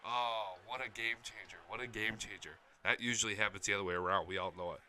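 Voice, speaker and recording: Young man, fan commentary, excitable, profane, sharp voice, low pitch. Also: quick pace, slight background noise. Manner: excitable, profane, shouts at big plays. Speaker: fan commentating game highlights. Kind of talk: casual fan reaction commentary.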